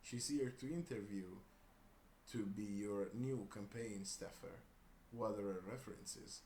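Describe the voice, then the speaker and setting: A man's voice: on the low side, measured pace, dark tone, lightly acted. A man voicing a domineering woman boss who barks orders in a commanding manner. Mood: bossy. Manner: bossy, commanding. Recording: roomy room with faint hiss.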